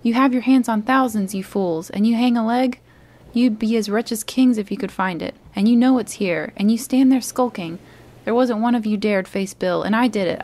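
A woman voicing a blind, furious old male pirate beggar who shouts commands and curses his crew. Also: medium pitch, natural voice.

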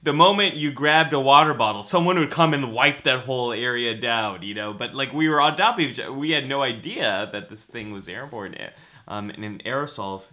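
Bright-voiced man in casual chat. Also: mid-range voice, brisk. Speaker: psychologist co-host.

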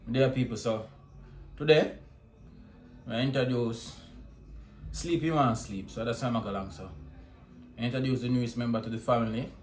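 A man's voice: medium pitch, normal speed, long pauses. A Jamaican man chatting casually as a family vlogger, talking to viewers at home and often checking in with a repeated "you see me?". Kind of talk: casual vlog chat. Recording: echoey room with music behind.

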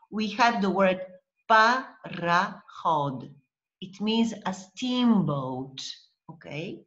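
A woman teaching a language lesson online, patient and deliberate, breaking words into syllables and checking in with the student. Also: mid-range voice, dull audio. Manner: patient, slow, spells out syllables and checks with "okay?".

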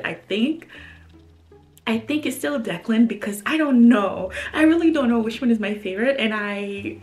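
A woman's voice: medium pitch, darkish tone. A young woman chatting casually in a reading vlog, gushing about books with lots of fillers, recently under the weather. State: recovering from being sick. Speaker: book vlogger.

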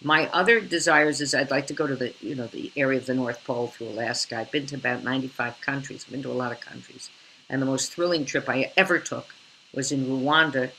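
Older woman, actress, theatrical and expressive, bright tense tone, faint background hiss, video call. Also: a bass voice, rough recording. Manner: theatrical, expressive, slips into character voices. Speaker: actress guest. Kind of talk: animated interview storytelling.

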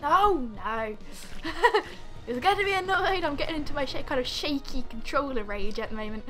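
A woman with a high, slightly bright voice at normal speed does let's play commentary as a gamer. She's exasperated, laughing often as she scolds the game character.

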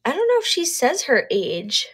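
A young woman in her twenties runs a live online sale in a relaxed, chatty way. Her voice sits a little high, and she pokes fun at her own mix-ups as she goes. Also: moderate pace, slight background noise. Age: 20s. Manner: chatty and self-deprecating, laughs at own slips. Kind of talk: casual live-sale chat.

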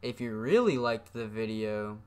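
A man's voice: lowish voice, animated, measured pace, clean tone. Profane rambling young man telling a story. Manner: profane, rambling with many fillers. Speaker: vlogger. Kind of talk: casual storytelling.

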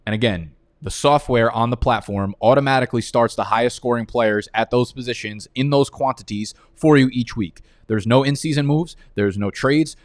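A man's voice: mid-range voice, dry recording. A man hosting a live fantasy football draft, talking in a casual, rambling way and swearing freely. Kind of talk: live-streamed draft commentary.

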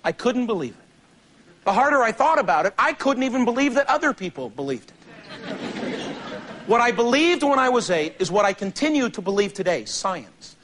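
A man performing a stand-up monologue on a theater stage, telling stories in an animated, sardonic way. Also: very high-pitched, moderate pace, a little hiss or hum. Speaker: comedian. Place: theater stage before a large audience.

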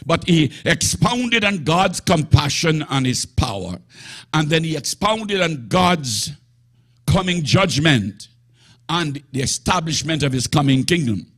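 A male preacher delivers a sermon in a breathy, husky voice, slow and drawn-out. His pitch swings widely and rises to emphatic shouts. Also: lively intonation. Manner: emphatic, rising to shouts with bursts of laughter.

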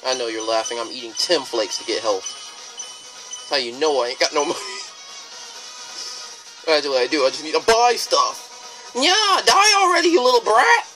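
A let's player giving excitable, jokey gameplay commentary. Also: medium pitch, moderate pace, pauses often, music in the background.

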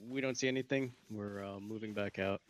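A man's voice: on the low side, steady tone, brisk. A man leading a squad over voice chat in a military shooter, giving short orders with some restarts. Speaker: squad leader. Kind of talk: military game voice comms.

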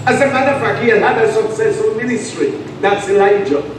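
Antiguan male pastor, high voice, emphatic call-and-response sermon, distant mic, echoey church. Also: slight background noise. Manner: emphatic preaching with call-and-response and long pauses. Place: church sanctuary. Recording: echoey church sound from far off.

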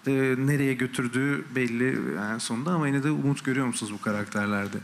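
Fast-talking male interpreter. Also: medium pitch, steady tone, a little hiss or hum. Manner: brisk, relaying questions and answers. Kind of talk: consecutive interpreting. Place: press conference hall.

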